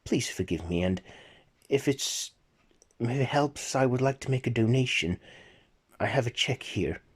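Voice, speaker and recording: A man's voice: mid-range voice, expressive, measured pace, husky, voice pushed up. A man voicing a reformed older woman miser, raising his voice to play her eager, hesitant apologies and generous offers. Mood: earnest.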